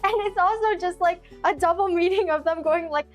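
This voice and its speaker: Young female streamer, high voice, giggly rambling casual chat, faint music bed. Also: brisk. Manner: giggly, rambling, with many fillers and restarts.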